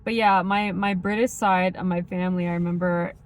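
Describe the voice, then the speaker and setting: A woman with a faint Midwestern accent chatting casually as a vlogger, rambling and filling every pause with "like" and "um". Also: lowish voice, steady tone. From United States. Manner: rambling, heavy use of like and um. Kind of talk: casual chat.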